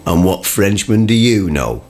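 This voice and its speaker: An actor playing a blunt, grumpy working-class father in a radio comedy, gruff and scoffingly sarcastic. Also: low voice, big pitch swings, unhurried, a little mellow. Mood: grumbling.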